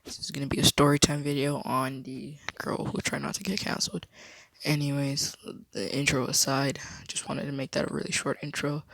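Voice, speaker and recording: Flat gravelly man telling a story. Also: brisk, dry recording, poor audio. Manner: low-key, rambling storytelling. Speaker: vlogger. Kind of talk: casual story time.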